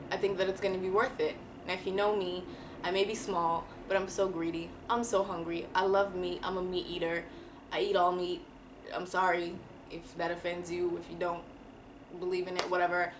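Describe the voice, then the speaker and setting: Woman vlogger, emotional and candid, slightly low voice, faint background noise. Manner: candid and emotional, slangy, drawn-out words. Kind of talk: personal confessional vlog.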